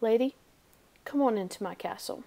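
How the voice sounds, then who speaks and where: A woman's voice: on the high side, normal speed, creaky, dark tone. Courageous fairy-tale lion, read by a woman, stern and commanding.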